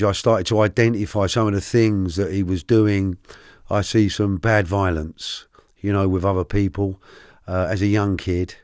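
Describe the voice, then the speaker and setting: A middle-aged man, a podcast guest telling his life story candidly, animated and often restarting his sentences. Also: on the low side, no echo, studio quality. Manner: animated, halting with many restarts.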